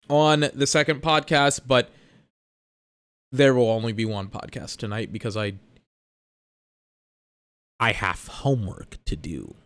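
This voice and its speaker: A man's voice: medium pitch, a bit bright, smooth, dry recording. A young man hosting a solo podcast, ranting in exasperation about his schedule and swearing freely. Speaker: podcast host.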